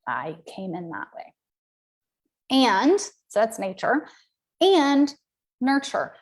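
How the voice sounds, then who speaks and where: A woman from the American South, a business coach speaking in a casual live-stream talk, candid and chatty with many "right?"s and "um"s. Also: mid-range voice.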